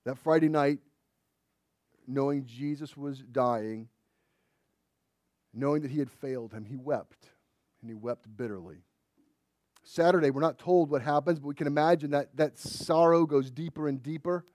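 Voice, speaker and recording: A man preaching a sermon in a dramatic way, dropping to a hush and then rising to loud emphasis. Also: on the high side, no room sound, clean studio sound.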